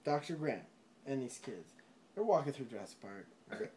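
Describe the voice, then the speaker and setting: A drunk man retells a film in a loose, rambling way, his pitch leaping up and down all the time. He swears constantly and laughs at his own story. A faint hiss sits under his voice. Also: big pitch swings, normal speed. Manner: rambling, laughing, swearing, sudden loud outbursts.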